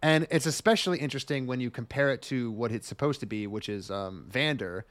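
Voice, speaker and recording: A male podcast co-host talks in a rambling, enthusiastic way and swears freely. His voice sits in a middle range, recorded close and dry with no room sound. He is relaxed and casual. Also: medium pitch, a little fast, no echo.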